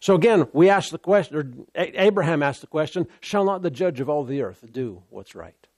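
Male preacher, somewhat high voice, stresses points by repetition, dry close recording. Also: expressive, a little mellow, no room sound. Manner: repetitive, emphatic preaching with pauses. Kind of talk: sermon.

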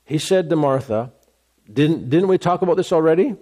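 A man's voice: fairly high pitch, expressive, normal speed, mellow. A man preaching a sermon, emphatic, repeating phrases and restarting mid-sentence.

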